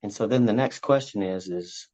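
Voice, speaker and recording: A man's voice: lowish voice, moderate pace, dark tone. A man guest explaining a parenting approach in a casual, rambling way, often repeating himself and acting out what parent and child say. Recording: slightly dull lo-fi sound.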